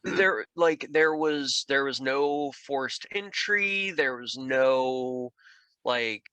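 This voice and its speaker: A man's voice: mid-range voice, very slow, pushed and bright, clean tone, dry recording. A man co-hosting a podcast, laid-back and playful with short replies. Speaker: podcast co-host. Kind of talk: casual podcast chat.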